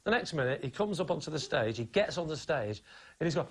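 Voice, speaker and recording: A man's voice: on the high side, expressive, fast, crowd noise. A man enthusiastically recounting a comedy routine in an interview. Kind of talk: documentary interview.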